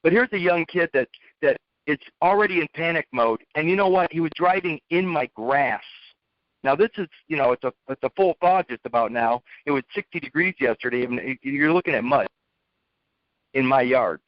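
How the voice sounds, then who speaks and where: Man, rambling storytelling, blunt, repeats words, higher voice, dull lo-fi sound. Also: moderate pace, no echo. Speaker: speaker telling a lesson story. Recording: dull lo-fi, dry.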